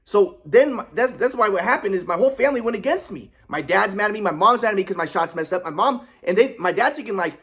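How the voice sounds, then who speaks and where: A man's voice: high-pitched, expressive, fast talker, few pauses, fairly bright tone, husky. A young man telling a personal story in a rambling, aggrieved way, with many restarts and repetitions. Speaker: vlogger.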